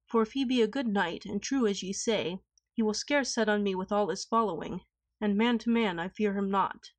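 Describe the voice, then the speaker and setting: A woman's voice: medium pitch, normal speed, no echo, lightly acted. A woman voicing a humble, steadfast young knight in a storybook reading. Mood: resolute. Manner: earnest, resolute.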